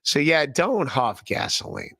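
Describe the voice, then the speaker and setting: A gravelly man from Ohio in his thirties, talking to his chat on a livestream podcast. His voice has a bright, forceful edge, and his rambling, profane talk keeps breaking into laughter. The sound is dry and close to the mic. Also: fairly high pitch, huge pitch swings, measured pace, dry recording. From Northeast Ohio. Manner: rambling, profane, laughing often, repeating himself. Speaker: podcast host. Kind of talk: casual livestream chat reading chat comments.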